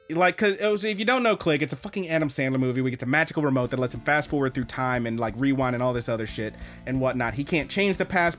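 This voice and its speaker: Animated, foul-mouthed young man telling stories. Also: mid-range voice. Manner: animated storyteller, swears a lot. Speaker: podcast co-host. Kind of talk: casual chat.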